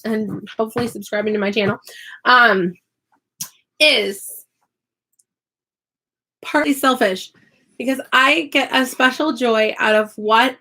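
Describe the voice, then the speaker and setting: A woman chats on a live stream as she works on a craft project. She is chatty, apologizes often and pokes fun at herself. Her voice sits a little high and sounds bright and forceful. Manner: chatty, apologetic, self-deprecating. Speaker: online English teacher and YouTuber.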